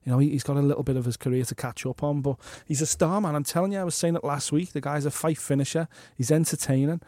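A man's voice: on the high side, steady tone, fast, warm tone, no echo, clean studio sound. Enthusiastic man talking fights. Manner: enthusiastic, emphatic. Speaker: podcast co-host. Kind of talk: casual MMA podcast chat.

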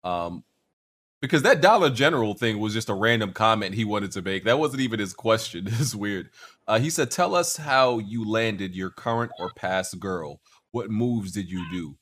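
A man's voice: lowish voice, lively intonation, moderate pace, fairly bright tone, slight background noise. A young man hosting a casual gaming podcast, telling stories with lots of slang and repeated words. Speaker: podcast host.

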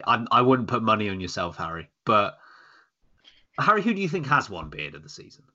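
A man hosts a casual podcast chat, joking and wry. His voice is bright and forward, with a pitch that jumps around a lot. The recording sounds dull and lo-fi. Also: wildly swooping pitch, a little fast. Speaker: podcast host.

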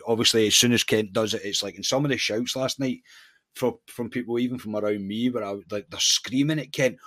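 A Scottish man co-hosting a casual football podcast, his voice sitting fairly low. He gives his views firmly and keeps restarting mid-sentence. The sound is dry and close, with no room around it. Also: a little fast, a bit bright, dry recording. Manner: opinionated, with restarts. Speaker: podcast co-host.

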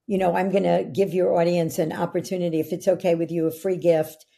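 A woman's voice: fairly low pitch, level tone, brisk, vocal fry, mellow. A middle-aged woman, a podcast guest, explaining ideas in an earnest coaching tone. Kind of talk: interview conversation.

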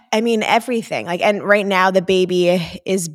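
A woman's voice: medium pitch, normal speed. A young pregnant woman chatting candidly with her mother, a little short of breath. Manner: candid, tired, frank. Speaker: fitness trainer. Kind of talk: casual chat.

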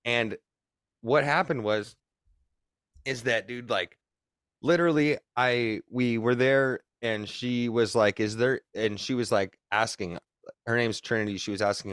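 A man's voice: mid-range voice, normal speed, a bit bright, no echo. Young man, podcast guest, rambling and profane, dry close sound. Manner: rambling, profane, emphatic retelling. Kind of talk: casual podcast storytelling.

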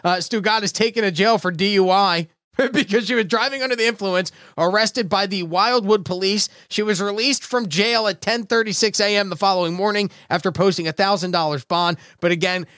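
A man hosting a casual comedy radio show, telling stories fast and laughing often. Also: sits high, no room sound, clean studio sound. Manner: fast, laughing, animated storytelling.

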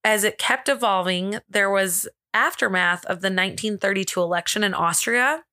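Woman, podcast co-host, bright crisp voice, dry close sound, giggly and self-mocking. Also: medium pitch, normal speed, no echo. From America. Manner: giggly, self-deprecating, stumbles over reading. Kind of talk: casual podcast chat.

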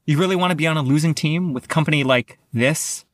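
A man's voice: a little high, fast, dry recording, natural voice. Give me a man reading a persuasive young male rebel, in a dry close recording. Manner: read aloud from a novel, flat.

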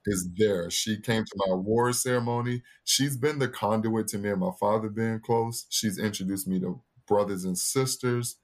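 Male podcast guest, thirties, low voice, earnest storyteller who acts out the people he quotes. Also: moderate pace, hardly any pauses. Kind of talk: personal storytelling in an interview.

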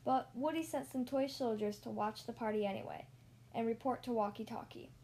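A woman reading a children's storybook aloud in a clear, steady voice. Her voice sits a little high for a woman. She keeps an even storytelling pace. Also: brisk, a little hiss or hum. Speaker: narrator.

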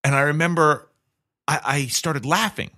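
A man's voice: on the high side, moderate pace, pushed and bright. Rambling self-mocking man storyteller. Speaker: podcast host. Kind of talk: casual chat.

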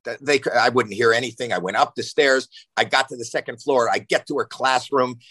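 A man in his sixties tells stories with animated energy, restarting sentences and scattering fillers as he goes. His voice sits at a mid pitch for a man. The recording is dry and close. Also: brisk, husky, no echo, rough recording. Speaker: guest. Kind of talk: casual storytelling.

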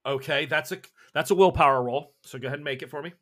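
Man with a slightly high voice, game master. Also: fast talker, fairly bright tone. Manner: descriptive, with restarts. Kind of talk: narrating a tabletop horror game.

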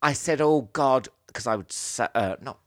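A man's voice: on the low side, moderate pace. A man hosting a comedy podcast in a camp, gossipy, giggly way. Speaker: podcast host. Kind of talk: casual comedic chat.

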